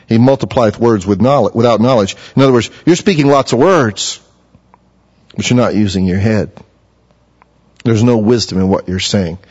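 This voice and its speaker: A man preaching a sermon in an earnest manner, his pitch climbing when he speaks for the figures he quotes. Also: a little mellow. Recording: muffled sound in a reverberant hall.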